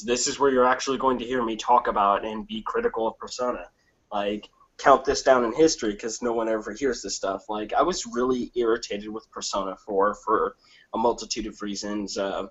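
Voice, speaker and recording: Husky man ranting profanely about games. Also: lowish voice, highs cut off. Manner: profane, animated ranting with comic impressions. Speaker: podcast panelist. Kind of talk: casual gaming discussion.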